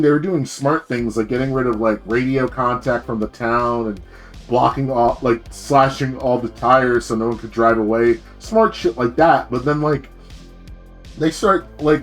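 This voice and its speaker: A man streaming as a VTuber, rambling in a casual rant full of fillers and swearing. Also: medium pitch.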